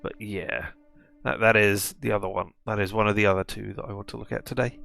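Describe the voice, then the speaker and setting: A man's voice: lowish voice, steady tone, fairly quick, gravelly, a bit bright, faint music behind. A man hosting a casual let's play video, commenting on a game in a rambling, self-mocking way.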